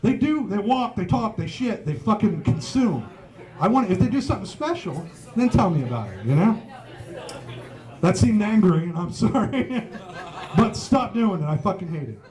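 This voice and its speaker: On a pub stage, a very animated comedian with a high, darkish voice works through his stand-up set at normal speed. Faint audience sounds come through as he curses liberally and laughs at his own material.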